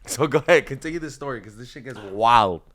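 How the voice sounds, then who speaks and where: A man's voice: medium pitch, expressive, quick pace, a bit bright. A man hosting a podcast, joking and swearing as he nudges his guest's story along. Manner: joking, profane, prompts the story. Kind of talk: casual podcast chat.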